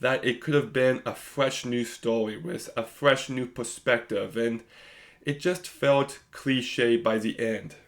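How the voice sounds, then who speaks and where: A man giving a casual, candid spoken movie review, unhurried and stumbling now and then over his words. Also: medium pitch, fairly even intonation. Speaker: film reviewer.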